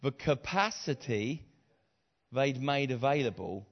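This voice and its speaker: A middle-aged man preaching a sermon, retelling a story with acted voices, repeated phrases and rising shouts. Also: medium pitch, expressive, takes it slowly. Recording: slightly dull lo-fi sound.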